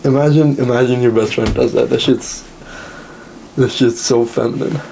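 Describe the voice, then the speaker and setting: A young man ranting straight to the camera in a mocking, crude, lecturing way, putting on high whiny voices when he quotes others. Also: fairly even intonation, moderate pace, creaky, mellow, slight background noise. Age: young adult. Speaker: social media commentator. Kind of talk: direct-to-camera rant.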